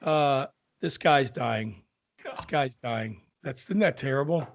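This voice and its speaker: A man co-hosting a podcast who tells jokes in a rambling, halting way with lots of fillers. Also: mid-range voice, lively intonation, vocal fry. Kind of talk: casual chat and joke telling.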